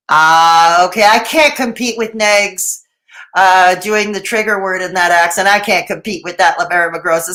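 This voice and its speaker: A woman's voice: on the low side, fairly bright tone. A woman hosting a live commentary stream, reading chat aloud in a sarcastic, chatty way and laughing often. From Canada. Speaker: commentary livestream host.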